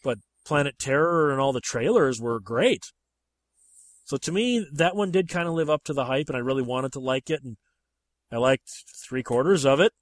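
A man hosting a casual movie chat, talking in an animated, emphatic way. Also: moderate pace, no room sound. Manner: animated and emphatic, with sharp rises in pitch when making a point.

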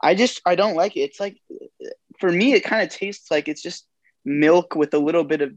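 A man's voice: fairly high pitch, moderate pace, no room sound. A young student, hesitant and full of fillers, giving his opinion in casual podcast chat. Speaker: podcast co-host. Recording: dull lo-fi mic.

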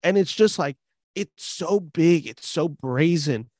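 A young man in casual film discussion, animated and rambling with many fillers. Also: fairly high pitch, slow pace, no echo, studio quality. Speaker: film podcast co-host.

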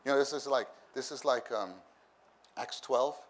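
A man's voice: mid-range voice, normal speed. A man preaching a conversational sermon at a church meeting, repeating phrases and acting out the voices of people in his stories. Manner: repeats phrases, acts out voices with bursts of laughter.

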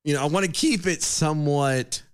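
A man co-hosting a casual chat show, reading news items aloud with halting restarts and laughs between lines. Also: a little high, smooth. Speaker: podcast co-host.

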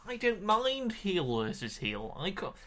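A man's voice: high-pitched, sing-song, a little slow, crowd noise. A man co-hosting a casual podcast, hesitant and playful, with a mock-formal way of teasing. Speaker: podcast co-host. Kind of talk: casual chat.

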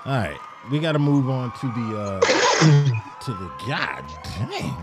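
A man hosting a podcast in relaxed, rambling casual chat, often laughing mid-sentence. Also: medium pitch, takes it slowly, loud music behind the voice. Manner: laid-back, rambling, laughs while talking. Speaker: podcast host.

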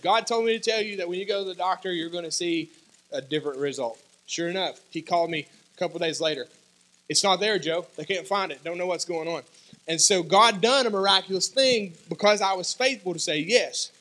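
A man preaching a sermon as pastor, telling personal stories in an animated way and acting out the dialogue. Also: high-pitched. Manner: animated storytelling, acts out dialogue, sudden loud shouts.

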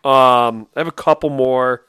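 A man's voice: medium pitch, fairly even intonation, measured pace, sharp tone, clean tone, dry recording. A man hosting a podcast in casual chat, laid-back and amused as he moves between segments. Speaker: podcast host.

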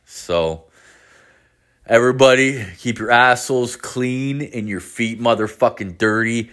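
A young man hosting a casual show, telling a rambling, profane story in an animated way. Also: medium pitch, a little slow. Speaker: podcast host.

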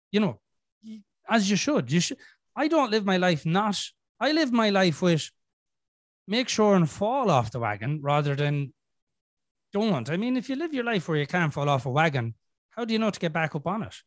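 A man's voice: sits high, big pitch swings, normal speed, long pauses, dry recording, clean studio sound. A middle-aged Irish man hosting a podcast, telling a story in casual chat, swearing a lot and acting out his inner voices. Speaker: podcast host.

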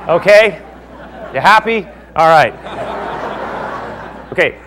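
A man preaches in a lively, theatrical way, acting out the voices of the speakers in his text. He swings from quiet, hushed lines to loud outbursts. A faint hum runs underneath. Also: mid-range voice, moderate pace, a crowd in the background. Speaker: pastor. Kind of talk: sermon.

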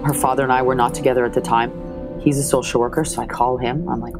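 A woman's voice: very deep voice, fairly even intonation, a little fast, over music. A woman, a mother, giving an earnest, emotional account of her family's story. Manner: earnest, retelling scenes with quoted dialogue.

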